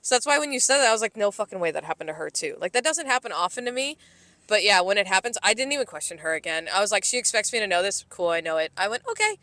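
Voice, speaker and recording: A young woman with a bright, forceful voice venting about her work shifts on a podcast. She mimics customers in exasperated bursts and swears freely. The recording is dry and close. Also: medium pitch, expressive, very fast, no echo. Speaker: podcast co-host, restaurant server. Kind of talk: casual chat.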